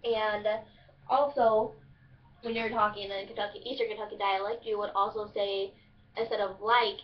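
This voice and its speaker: A woman's voice: medium pitch, steady tone, normal speed. A young woman from Southern Illinois explaining a dialect for a class project, in a casual, chatty way with many fillers. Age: young adult. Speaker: student presenter. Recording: distant, muffled lo-fi recording.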